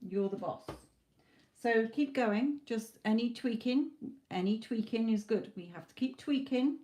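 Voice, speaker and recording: A woman's voice: a little high, unhurried, mellow. A woman reading tarot cards on a live stream, chatty and reassuring, tired and losing her voice late at night. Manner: chatty, reassuring, says okay and you know often. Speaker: tarot reader.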